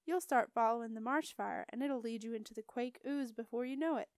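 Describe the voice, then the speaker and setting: A woman's voice: brisk, clear, resonant tone, no room sound, studio quality, close to an everyday voice. The Bogart, a woman doing a grumpy gurgling marsh creature. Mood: gruff. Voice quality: deep gurgling voice with broad marshland drawl. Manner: grumbling, clipped dropped endings. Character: grumpy male marsh creature, furry, dutiful.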